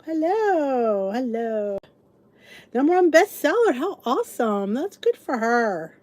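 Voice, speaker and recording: A middle-aged woman hosts a casual livestream from her desk, talking to viewers and greeting them by name. Her voice sits a bit high and swings up and down with lots of life. She chats freely and laughs often. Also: sing-song, slow, a little mellow, dry recording. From United States. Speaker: host.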